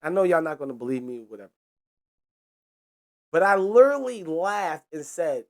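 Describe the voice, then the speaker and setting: A young man hosts his podcast with a loose, profane storytelling rant. His pitch jumps up and drops low as he acts out the scene, and he keeps breaking into laughter. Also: normal speed, pauses often. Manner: animated, profane, laughs while telling. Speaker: podcast host.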